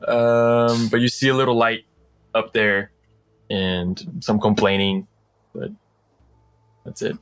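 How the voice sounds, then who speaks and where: A man's voice: on the low side, little pitch movement, slow, long pauses, clean tone. A man narrating as game master in a casual, rambling way with many fillers.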